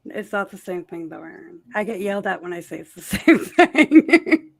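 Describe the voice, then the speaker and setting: A woman's voice: mid-range voice, big pitch swings, moderate pace, creaky. A middle-aged woman from Massachusetts with a Massachusetts accent, chatting casually on a livestream and laughing often. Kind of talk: casual chat.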